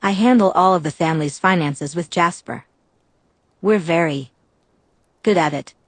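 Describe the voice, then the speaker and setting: Bubbly teasing vampire girl in an audiobook, read by a woman, low voice, dry close sound. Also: normal speed, dry recording, lightly acted. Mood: playful. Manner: cheerful, teasing. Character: bubbly young female vampire seer, playful.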